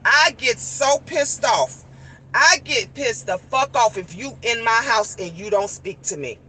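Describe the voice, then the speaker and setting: A woman's voice: a little high, expressive, measured pace, bright, forceful tone, slightly rough, low-quality recording. A middle-aged woman hosting a live stream, telling a story in a casual, emphatic, blunt way and swearing freely.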